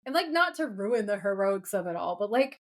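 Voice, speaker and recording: A woman talks through a TV episode with her co-host in easy, filler-heavy chat. Her pitch sits in the middle of the range. She jumps between retelling scenes and her own opinions. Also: sing-song, a little fast. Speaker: podcast co-host. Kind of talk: casual recap chat.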